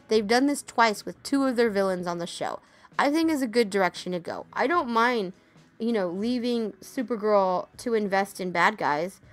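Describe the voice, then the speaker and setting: A woman co-hosting a casual podcast review, chatty and candid, who swears casually and laughs easily. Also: medium pitch. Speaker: podcast co-host reviewing a TV series.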